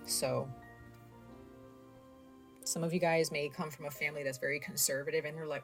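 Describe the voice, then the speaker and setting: A woman does a casual tarot reading, chatting straight to her viewers with lots of fillers. Her low, creaky voice is flat and fairly quick yet broken by long pauses, with faint music in the background.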